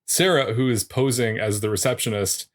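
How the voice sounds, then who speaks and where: A man of middle pitch, the co-host of a podcast, walking the listener through a story recap. His delivery is steady and plot-focused, broken now and then by dry asides. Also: moderate pace. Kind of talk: casual recap of a TV episode.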